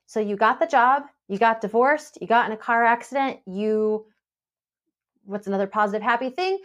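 A woman on a podcast, coaching and telling a story with lively quoted voices. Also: fairly high pitch, moderate pace, dull audio. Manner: animated storytelling, acts out quoted dialogue. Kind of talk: casual podcast conversation.

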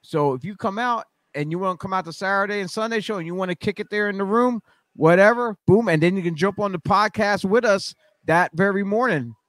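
Male podcast host, high voice, rambling with restarts, dry close recording. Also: fairly quick, a bit bright, no echo. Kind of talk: casual podcast chat.

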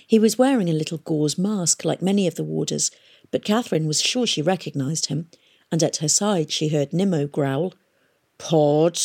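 A woman reading a novel aloud in a steady, measured storytelling manner. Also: low voice, gravelly, slightly rough. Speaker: audiobook reader. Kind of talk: audiobook narration.

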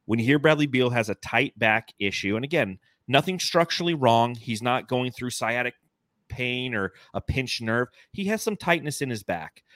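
Bright-voiced man in his forties hosting. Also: medium pitch, moderate pace, dry recording, studio quality. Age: 40s. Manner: enthusiastic, rambling, animated. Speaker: podcast host. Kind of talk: casual sports podcast chat.

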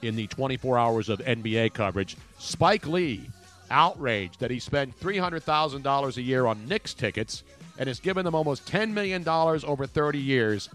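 An older man hosting a radio show, telling stories in gruff banter that sometimes sinks to a mumble. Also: medium pitch, lively intonation, moderate pace, a bit bright, soft background music. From Philadelphia. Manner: gruff, storytelling, drops to a mumble. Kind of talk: casual studio banter.

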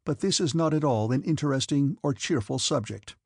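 A man voicing a reserved, sad young nobleman who speaks softly and with restraint. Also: medium pitch, brisk, vocal fry, no room sound, studio quality. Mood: restrained.

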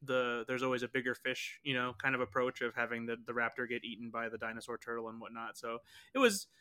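A man's voice: mid-range voice, fast talker, bright, forceful tone, smooth. A man on a podcast giving his opinion casually, joking and hedging with many fillers. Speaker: podcast guest critic.

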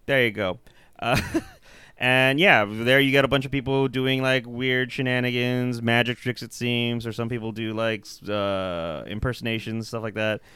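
A man co-hosting a casual movie review chat, talking in an animated way with lots of fillers, restarts and swearing. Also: mid-range voice, moderate pace, clean tone, no room sound. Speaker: podcast co-host.

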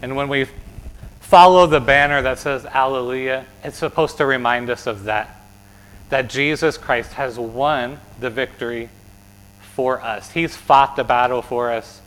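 An American man, serving as pastor, gives a children's sermon in a church sanctuary, chatting with the kids, quizzing them and ending his points with "right?" His mid-range voice is unhurried and a bit bright, and the recording is rough.

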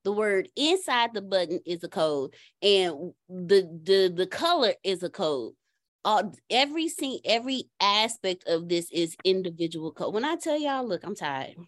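A woman's voice: mid-range voice, sing-song, normal speed, dry recording, studio quality. A woman on a casual podcast, telling a story with laughs and exasperated asides.

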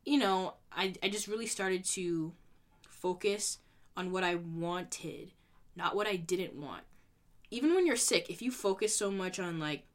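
A young adult woman vlogging in a casual, reflective way, earnest and rambling, with lots of "you know" fillers. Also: on the low side. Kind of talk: casual reflective vlog talk.

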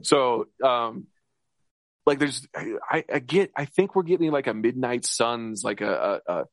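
A man co-hosting a podcast in casual chat, talking in an excited, rambling way with many restarts and laughs. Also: mid-range voice, measured pace, no echo. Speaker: podcast co-host.

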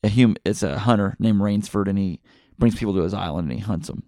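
A middle-aged man hosting a podcast, retelling a movie plot in a rambling, excitable way with many fillers and restarts. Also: on the low side, fast talker, no room sound, clean studio sound. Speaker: podcast host. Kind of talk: casual movie podcast chat.

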